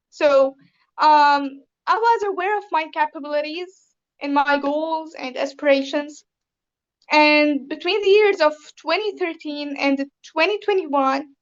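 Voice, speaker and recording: A young woman from Lebanon, a native Arabic speaker, telling her story in an interview in measured, formal wording. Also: high voice, highs cut off. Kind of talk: personal interview.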